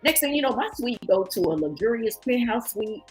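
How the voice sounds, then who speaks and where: Over soft background music, a woman with a fairly high voice talks fairly quickly as she shares a travel story in a laid-back vlog. This travel vlogger is lively and performs the voices of the people she quotes.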